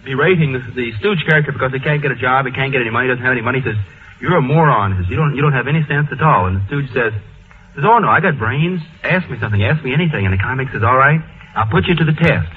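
A male comedy writer stumbling through a gag in a halting, deadpan manner. His voice sits at a medium pitch, and the vintage broadcast is narrow and phone-like with a faint hiss.

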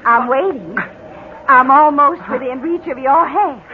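An actress playing a cold, vengeful young wife who taunts her husband slowly and deliberately, in 1940s radio acting style. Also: high-pitched. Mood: mocking. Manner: calm, taunting, slow and deliberate. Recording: tinny old radio broadcast, faint hiss.

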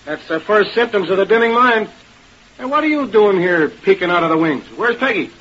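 A nosy, wisecracking backstage man with a teasing, wry delivery. His voice is high and bright. It sounds dull and hissy, like an old radio recording. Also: lively intonation, brisk, heavily acted. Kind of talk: 1930s radio acting.

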